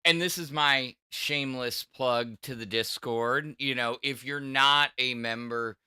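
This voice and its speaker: A man chats casually on a livestream, rambling and circling back on his words. His voice is bright and smooth, and it is recorded close and dry. He speaks at a slow, unhurried pace. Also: mid-range voice, fairly even intonation, no echo. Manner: rambling, with stammered restarts. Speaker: podcast co-host.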